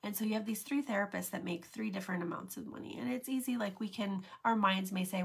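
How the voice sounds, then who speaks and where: A woman talks casually on a live stream, loose and chatty with plenty of "like" fillers. Her voice has a gravelly fry and a husky edge. Every so often she slips into a lively imitation of an imagined speaker. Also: medium pitch, a little fast, few pauses. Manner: chatty, many "like" fillers, acts out quoted voices.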